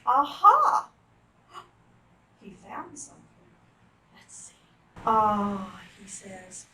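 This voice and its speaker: A woman reading picture books aloud to children, animated and full of gasps and exclamations. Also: mid-range voice, drawn-out words, pauses often, echoey room, recorded from a distance, poor audio. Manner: animated, gasping, exclaiming to young listeners. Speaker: children's storytime reader.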